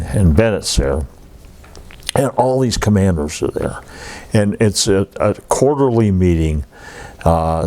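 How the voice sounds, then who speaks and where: A man in his eighties telling war stories in an oral history interview, laughing often and acting out what others said. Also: sits low. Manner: lively anecdotes, laughs often, acts out quoted dialogue. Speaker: veteran interviewee.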